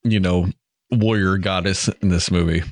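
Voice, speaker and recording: Very deep-voiced male host, dry sound. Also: moderate pace, no room sound. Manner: relaxed, steers the segments. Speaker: podcast host. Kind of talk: casual movie review chat.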